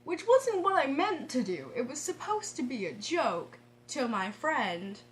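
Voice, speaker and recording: A woman tells a story to her vlog camera in a casual, excitable way. Her voice sits high, and she breaks into laughter often and restarts her sentences. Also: measured pace, slight background noise. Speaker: vlogger.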